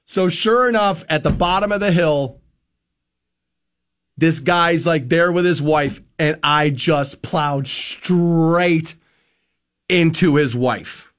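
A man hosting a radio show, telling a story casually and acting out quotes in loud bursts. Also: fairly high pitch, measured pace, long pauses.

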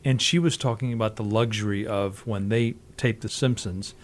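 A man's voice: lowish voice, fairly even intonation, moderate pace. A man hosting an interview, asking curious questions and giving short encouraging replies. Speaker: interview host. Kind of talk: interview conversation.

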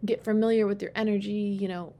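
A woman hosting a solo podcast, talking candidly and rambling, swearing freely and getting animated when she quotes herself. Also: fast. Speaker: podcast host. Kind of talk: casual solo podcast monologue. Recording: faint background rumble.

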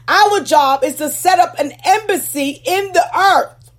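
A woman preaching a teaching sermon to ministers. She speaks emphatically, slows down to stress key words, and keeps checking in with "Okay?". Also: extremely high pitch. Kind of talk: teaching sermon with scripture readings.

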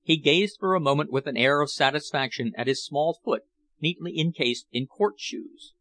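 A man narrating a novel in a measured, even reading voice. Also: fairly high pitch, no echo. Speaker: audiobook reader. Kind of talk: scripted narration.

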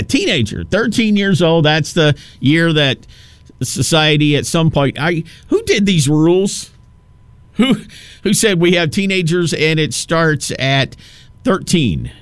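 A man's voice: mid-range voice, no echo. A man in his fifties hosting a talk radio show, rambling through a casual monologue with many restarts and asides. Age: 50s.

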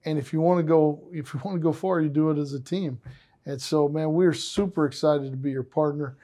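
Enthusiastic man with a warm, higher voice. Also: a little fast. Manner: enthusiastic, animated storyteller. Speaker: interviewer. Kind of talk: casual conversation.

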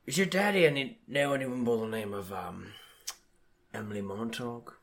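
A man's voice: medium pitch, moderate pace, fairly bright tone, close to an everyday voice. A man playing a blunt investigator with a put-on British accent, questioning others during a tabletop game. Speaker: player.

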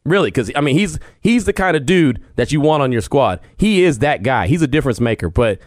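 Earnest sports-talk host, dry sound. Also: male voice, medium pitch, animated, a little fast, no room sound. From Texas. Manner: conversational and earnest, frequent restarts, laughs easily. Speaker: podcast host. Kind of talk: casual sports talk monologue. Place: home studio.

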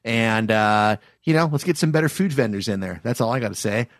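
A man's voice: fairly low pitch, expressive, brisk, no room sound, studio quality. Laid-back male podcast co-host. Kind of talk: casual chat.

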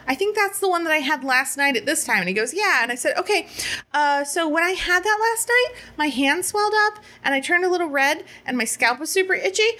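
A young woman casually telling a story, animated and swearing freely, acting out quoted lines as she laughs. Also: high voice.

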